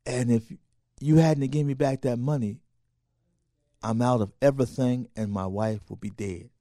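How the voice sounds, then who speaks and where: Man, storytelling host, lively parable, dry close sound. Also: medium pitch, normal speed, no room sound. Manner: animated, acts out voices in a parable. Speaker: show host. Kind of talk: storytelling talk.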